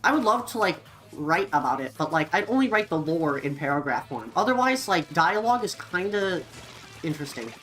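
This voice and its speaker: Lively rambling young woman streamer. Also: lowish voice, fairly quick, faint music behind, low-quality recording. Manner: rambling, filler-heavy, lively. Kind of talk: casual chat with viewers.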